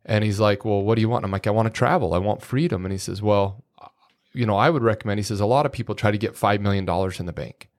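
A man's voice: fairly low pitch, quick pace. A middle-aged man, a podcast guest, telling rambling, folksy anecdotes full of quoted dialogue in a casual way. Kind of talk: casual storytelling.

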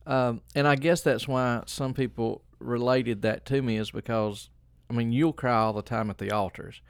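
A preacher co-hosting a casual chat, rambling with restarts and frequent laughter. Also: male voice, medium pitch, steady tone, normal speed, smooth, no room sound, studio quality. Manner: rambling, laughs often, self-correcting restarts. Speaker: preacher and podcast co-host.

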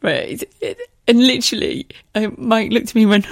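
A woman's voice: fairly high pitch, sing-song, moderate pace, creaky, dry recording, studio quality. A woman with a southern English accent, hosting a podcast and telling stories in a chatty, sweary way, often laughing at her own tales. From southern England. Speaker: podcast host, former radio presenter. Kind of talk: casual storytelling monologue.

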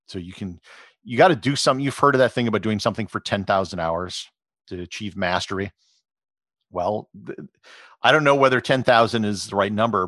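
Low-voiced man explaining at ease. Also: no room sound, clean studio sound. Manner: relaxed, explanatory, with many fillers. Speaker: podcast host and travel photographer. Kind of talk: conversational interview answers.

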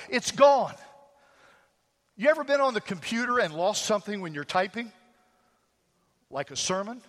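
A man with a notably high voice preaches a sermon, building his points through homely stories and rhetorical questions. His voice rings out in a hall with a long, lingering reverb. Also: a bit bright. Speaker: pastor.

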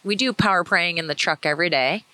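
A woman co-hosting a podcast and calmly retelling her own story in casual talk. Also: on the low side, quick pace, clear, resonant tone, no room sound, poor audio. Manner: calm, steady retelling. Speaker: podcast co-host, testimony speaker.

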